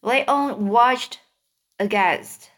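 Slow halting woman reading aloud. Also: a little high, a bit bright. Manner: halting, with slips and self-corrections. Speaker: reader. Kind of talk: reading a children's book aloud.

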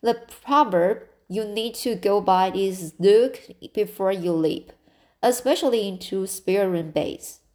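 A woman's voice: medium pitch, slow pace, darkish tone, close to an everyday voice. A woman reading the part of a blunt, opinionated older village woman who lectures matter-of-factly. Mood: lecturing.

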